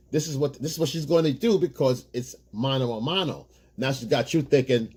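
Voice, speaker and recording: A man's voice: mid-range voice, lively intonation, a little fast, darkish tone, breathy edge. A man, a relationship coach, talking to other men in a loose, rambling way and often addressing them as "guys". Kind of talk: casual advice monologue.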